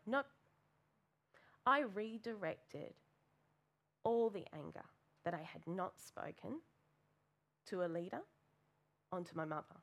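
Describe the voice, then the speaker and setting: A woman gives a sermon, telling a candid and self-deprecating personal story. Her voice sits a little low, and she talks with an easy storytelling rhythm and plenty of fillers. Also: slow, long pauses, a bit bright. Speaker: preacher.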